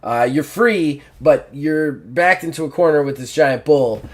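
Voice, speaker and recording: A man running a tabletop game, narrating in a casual, rambling way. He fills pauses with ums and uhs as he works out the scene. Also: a little high, lively intonation. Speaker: game master.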